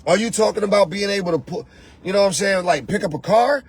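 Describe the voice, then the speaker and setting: Man, high-pitched, repetitive emphatic speaker, spiritual coach monologue. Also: fast, husky. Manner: emphatic, preachy, repeats phrases; talks straight to the listener with rhetorical questions. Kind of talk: motivational monologue.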